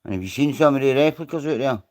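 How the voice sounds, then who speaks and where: A Scottish-accented man hosts a casual live stream, talking fast in an animated, medium-pitched voice with a darkish tone. He rambles, swears freely, and greets viewers by name.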